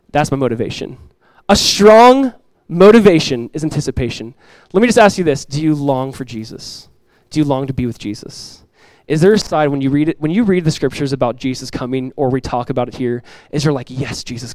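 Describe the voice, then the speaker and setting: A man's voice: a little high, brisk, hardly any pauses, dry recording, poor audio. Earnest middle-aged male pastor preaching. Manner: earnest, direct, repeats key lines to the congregation; acts out everyday voices with lively emphasis. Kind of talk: sermon. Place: church sanctuary.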